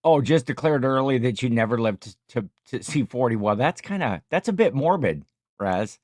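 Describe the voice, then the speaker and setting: A tired middle-aged man hosts a laid-back livestream, his mid-range voice a little mellow with lively intonation and a moderate pace. The studio-quality recording is dry, and he rambles jokingly while reading comments from viewers.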